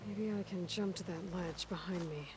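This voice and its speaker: An actress voicing a determined, resourceful young woman hunter in a video game, her voice deep and slightly hoarse, often muttering to herself. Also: normal speed, a crowd in the background, lightly acted. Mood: hushed, thoughtful. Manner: muttering to herself as she explores. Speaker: game protagonist. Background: game music.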